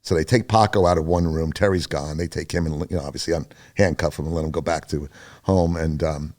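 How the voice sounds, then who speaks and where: A very deep, fairly quick male voice belongs to an older man telling his story on a podcast. It's rambling interview storytelling, chatty and loose, with many fillers and restarts, and he animatedly imitates others by raising his voice.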